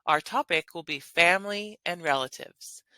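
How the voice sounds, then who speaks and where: A woman presents a scripted language lesson, eager and upbeat as she explains grammar. Her voice is lowish yet bright and forceful. The sound is dry and close, with no room echo. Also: normal speed, smooth. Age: adult with children. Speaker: language teacher.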